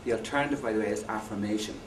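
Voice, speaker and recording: A conference speaker lectures an audience on education, speaking very fast in a fairly low voice. He's anecdotal and jokey, asking listeners questions along the way. The recording comes from an echoey hall, far from the mic, with faint noise.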